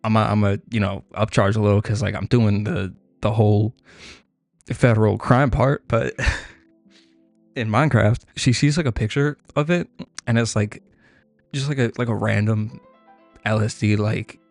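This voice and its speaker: A man's voice: on the low side, fairly even intonation, unhurried, creaky, pauses often, darkish tone, dry recording, faint music behind. A young man telling a long, profane story to his chat. He rambles and piles up filler words, and he laughs at his own story.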